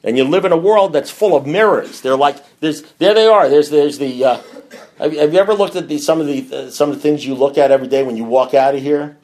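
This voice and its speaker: A middle-aged man speaking candidly to a recovery group, blunt and profane, with loud bursts and low mutters. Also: quick pace.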